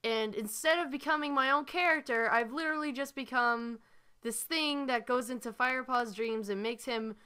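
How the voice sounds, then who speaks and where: A woman's voice: a little high, normal speed, bright, forceful tone, clean tone. A woman voicing a doting, lovestruck female ghost cat in a mocking, gushing way.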